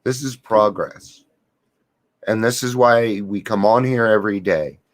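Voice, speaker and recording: A man's voice: on the low side, a little slow. A middle-aged man talking to camera in an earnest, confiding way, sharing a daily recovery reflection and stories. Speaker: recovery vlogger.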